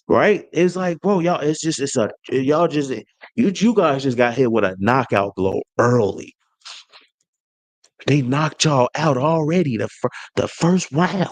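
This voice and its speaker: A man hosting his own sports channel, trash-talking a rival team in an animated rant full of slang and restarts. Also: medium pitch, unhurried. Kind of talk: fan rant to camera.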